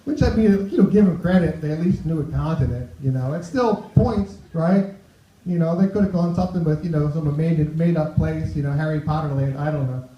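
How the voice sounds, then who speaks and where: A man's voice: on the high side, fairly quick. A man performing a stand-up set on a club stage, chatty, tossing asides to the crowd. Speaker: stand-up comedian. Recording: roomy, dull club recording.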